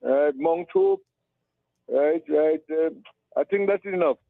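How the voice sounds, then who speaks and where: Trinidad guy on a phone line, gravelly, rambling shout outs, tinny sound. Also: a little high, huge pitch swings, slow, no echo. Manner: rambling, affectionate, repeats words. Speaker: radio caller.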